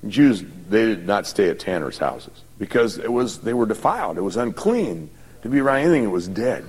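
A man's voice: fairly low pitch, sing-song, fairly quick, a little mellow, slightly rough. A man preaching a sermon, retelling scripture in a folksy, conversational way with many asides. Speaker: pastor. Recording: long hall reverb.

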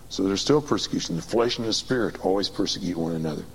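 Speaking fast with a creaky voice, a pastor alternates high, excited outbursts with low, quiet reading and has the congregation repeat his words. Slight background noise accompanies the poor audio.

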